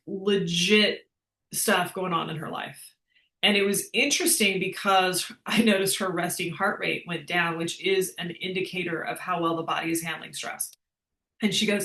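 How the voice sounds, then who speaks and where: A woman's voice: lowish voice, fairly bright tone, reverberant. A woman fitness coach answering questions in a live class, chatty and upbeat, laughing as she explains.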